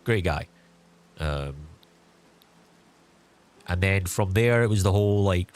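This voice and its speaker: A young man chats to his viewers as a streamer, recounting a story in a loose, meandering way. His voice sits a little low, and he leans on "like" and "um" as he goes. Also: lively intonation, slow pace. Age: young adult. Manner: rambling, full of fillers like "like" and "um". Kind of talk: casual storytelling.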